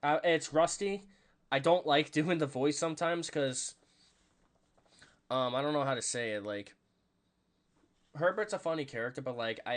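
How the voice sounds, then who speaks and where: A man hosting a podcast, reacting to a live game, rambling with lots of fillers and jumping into excited play calls. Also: mid-range voice. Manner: rambling and self-conscious, full of fillers. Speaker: podcast host.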